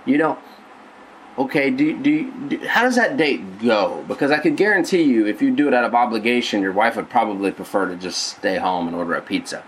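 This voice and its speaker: Man, pastor, casual sermon, rambling, repeats words, restarts, mid pitch. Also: lively intonation, fairly quick, a little hiss or hum, low-quality recording. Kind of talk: conversational sermon podcast.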